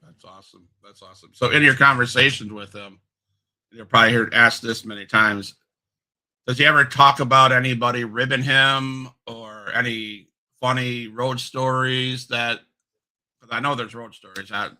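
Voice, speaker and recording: Bright-voiced man hosting a podcast. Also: medium pitch, fairly even intonation, normal speed, poor audio. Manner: rambling questions with restarts. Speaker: podcast host. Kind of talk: interview conversation.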